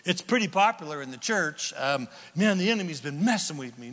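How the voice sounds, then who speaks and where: A man's voice: a little high, brisk. Preaching man in a reverberant hall. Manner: conversational, animated, acts out little voices. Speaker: pastor. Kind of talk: sermon.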